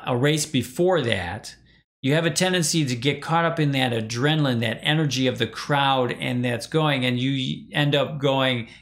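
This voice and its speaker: A man's voice: medium pitch, a bit bright. A man hosting a live show, talking casually and rambling with frequent restarts, speaking straight to his viewers. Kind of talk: casual live-stream talk.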